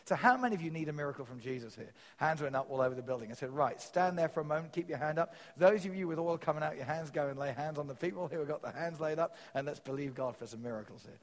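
Male preacher, fairly high voice, animated storyteller, big hall reverb. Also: fast, hardly any pauses. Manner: storytelling with quoted dialogue, animated. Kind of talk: sermon teaching. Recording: long reverb of a large hall.

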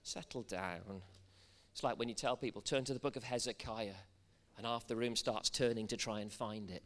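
Speaking briskly at a medium pitch, this Welsh preacher has a steady, slightly bright tone. Before his congregation he trades jokes, then works his sermon up into fervent proclamation.

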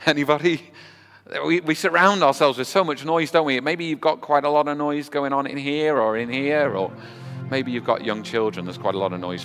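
Preacher in an echoing hall. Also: male voice, medium pitch. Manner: conversational, asks the congregation rhetorical questions. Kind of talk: sermon. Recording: long hall reverb with faint music.

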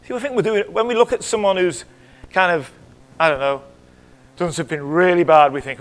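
A middle-aged man with a high voice preaches a sermon in church. He talks in a conversational way and puts questions to the congregation. He drops to hushed whispers and then rises to loud, sharp exclamations. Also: a little fast, long pauses. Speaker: pastor.

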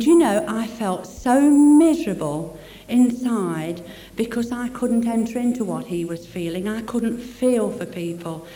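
A woman's voice: on the high side, mellow. A woman giving an emotional personal testimony at a church meeting, talking in a heartfelt, chatty way. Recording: echoey hall with long reverb.

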